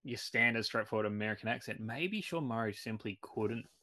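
Bright-sounding guy cohosting a movie podcast, jokey and animated, swears a bit. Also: lowish voice, fairly quick. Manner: animated, jokey, acts out quotes, swears casually. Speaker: podcast co-host. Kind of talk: casual film review chat.

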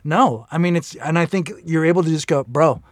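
A man co-hosting a podcast, loud and joking in casual chat, laughing often. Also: fairly high pitch, brisk, dry recording. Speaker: podcast co-host.

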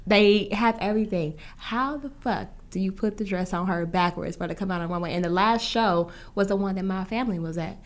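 A woman's voice: medium pitch, fairly quick, hardly any pauses. A young adult woman in casual chat who asks the questions and tells her own stories in a blunt, profane, heated way. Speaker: interviewer and fellow designer.

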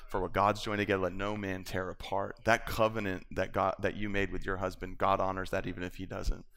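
A man's voice: low-pitched, little pitch movement, brisk, gravelly, fairly bright tone. A man preaching, telling a personal story with acted-out quotes and laughter. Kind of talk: sermon storytelling. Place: church.

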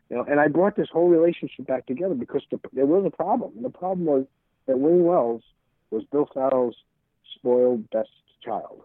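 A man's voice: medium pitch, expressive, fairly quick, no echo. A middle-aged man telling stories as an interview guest, rambling and stumbling over repeated words while acting out old conversations. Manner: rambling, repeats words, acts out quoted dialogue. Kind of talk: casual storytelling. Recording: tinny phone-like audio.

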